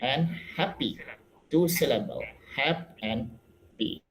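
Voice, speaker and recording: A young man with an Indonesian accent giving a class presentation, explaining slowly with fillers and repeated words. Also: mid-range voice, expressive, a bit bright, a little hiss or hum. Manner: slow, halting explanation with fillers. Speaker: student presenter.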